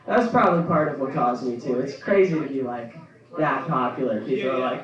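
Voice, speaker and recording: A man's voice: medium pitch, normal speed. A young man performing a rambling stand-up set in a comedy club, full of ums and his own laughs. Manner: rambling, filler-heavy, laughs at own jokes. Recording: echoey club room, distant dull mic.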